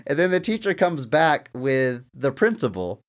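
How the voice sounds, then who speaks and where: A man's voice: mid-range voice, moderate pace. A man co-hosting a casual podcast, retelling scenes with animation and chuckling as he goes. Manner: animated storyteller, laughs while retelling scenes. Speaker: podcast co-host.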